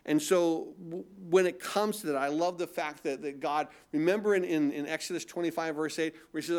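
A middle-aged male pastor delivers a sermon in a relaxed, conversational manner. His voice sits slightly higher than most men's, and he often asks rhetorical questions and repeats his words as he goes. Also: fairly quick.

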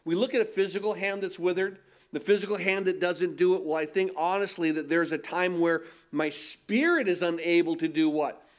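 A man's voice: sits high, moderate pace. A man preaching a sermon, emphatic, repeating phrases and asking the congregation rhetorical questions. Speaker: pastor.

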